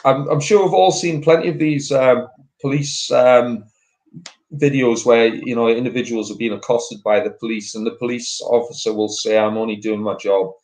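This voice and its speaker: A man speaking as a guest in a casual talk, earnest and halting, with many fillers and restarts. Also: medium pitch, fairly even intonation, darkish tone, poor audio. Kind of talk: casual political chat.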